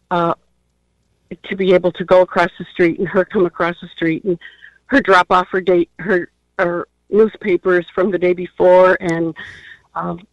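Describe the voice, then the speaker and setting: An older woman calling in by phone, speaking haltingly with many pauses and fillers. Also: lowish voice, no room sound. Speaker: caller. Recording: dull phone-line sound.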